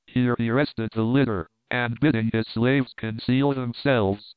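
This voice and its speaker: Smooth-voiced male audiobook narrator. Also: mid-range voice, dry recording. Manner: measured, formal reading. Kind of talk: audiobook narration of a classic novel. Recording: phone-like lo-fi audio.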